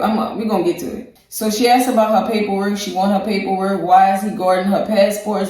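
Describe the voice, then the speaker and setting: A man recapping a reality episode in loose, slangy speech, jumping into the people's voices as he tells it. He sits back from the mic in a room that rings with heavy echo. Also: high-pitched. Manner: slangy, animated, acts out quotes from the show. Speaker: reaction show co-host. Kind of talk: casual recap and commentary. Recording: very echoey room, voice far from the mic.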